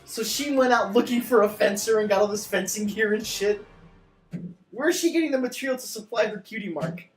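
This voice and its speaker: Male co-host, casual commentary, lively and profane, faint soundtrack under him. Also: high-pitched, a little fast, faint music behind. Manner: animated, swears, laughs often.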